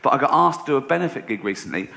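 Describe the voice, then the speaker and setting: A man's voice: mid-range voice, very animated, very fast, creaky. A man doing a stand-up comedy set, telling stories in a sardonic, mock-indignant way. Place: theatre stage before a laughing audience. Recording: roomy hall with audience noise.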